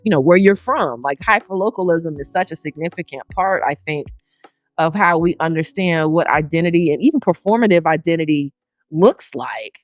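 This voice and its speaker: A woman's voice: low-pitched, no room sound. A middle-aged woman with a Southern US accent, a scholar talking casually and colloquially in an interview, with self-aware humor. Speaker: scholar guest.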